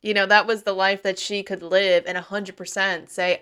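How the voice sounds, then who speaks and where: A woman's voice: mid-range voice, flat delivery, moderate pace, sharp tone, clean tone. A woman co-hosting a podcast, talking through her thoughts on a novel in a reflective, casual way. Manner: reflective, agreeable, talks things through. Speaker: podcast co-host. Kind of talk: casual book discussion.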